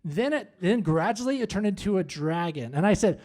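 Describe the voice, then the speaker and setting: A man hosting a comedy show on stage, doing his stand-up set with punchy, animated delivery and asides to the crowd. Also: sits high, a little fast. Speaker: stand-up host. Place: comedy club. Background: audience laughter.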